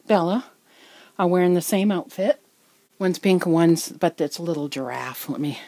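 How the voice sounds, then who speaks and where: A woman's voice: lowish voice, mellow. A woman hosting a casual vlog from her home nursery, showing off her doll collection in a chatty, doting way and sounding a little out of breath. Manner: chatty, doting, halting with fillers and restarts. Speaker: reborn doll collector, channel host. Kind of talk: casual show-and-tell vlog. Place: home nursery room, indoors.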